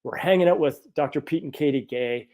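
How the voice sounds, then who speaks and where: Gravelly man in his fifties telling stories. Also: a little high, fairly quick. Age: 50s. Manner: animated, earnest storytelling. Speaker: chiropractor. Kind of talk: personal storytelling talk.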